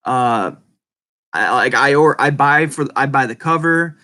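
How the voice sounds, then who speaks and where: A man with a speech impediment chatting casually and rambling to viewers, halting and apologetic, often restarting his words. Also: mid-range voice, expressive, bright, forceful tone. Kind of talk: casual rambling livestream chat.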